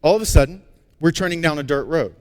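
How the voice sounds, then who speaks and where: A male pastor preaching a sermon. He tells a personal story with animated energy, then turns hushed and earnest. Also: a little high, fast talker, clear, resonant tone. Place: large church auditorium. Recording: long reverb of a large hall.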